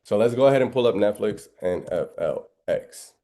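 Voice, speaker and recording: A man's voice: on the low side, lively intonation, moderate pace, dark tone. A man teaching a live trading lesson in an emphatic, preachy way, firing off rhetorical questions and biblical references. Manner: emphatic, keeps asking "right?" and rhetorical questions. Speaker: trading instructor. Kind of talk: live trading lesson over screen share.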